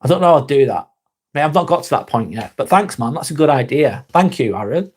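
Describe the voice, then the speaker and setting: A man's voice: mid-range voice, very animated, fairly quick, darkish tone, slightly rough. A man, hosting a casual live stream, chatting to viewers by name, laid-back and swearing freely. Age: 40s.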